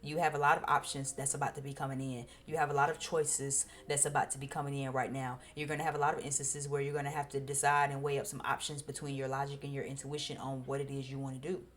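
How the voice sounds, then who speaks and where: Low-voiced, blunt, profane woman tarot reader. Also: flat delivery, quick pace, few pauses. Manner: blunt and profane, repeating phrases for emphasis. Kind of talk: casual spoken tarot reading.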